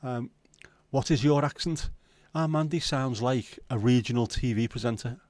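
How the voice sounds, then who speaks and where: A man's voice: mid-range voice, moderate pace, darkish tone, no echo. A man with a Liverpool accent hosting a livestream, chatting casually and bluntly with plenty of swearing while reading viewer comments. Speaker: livestream host.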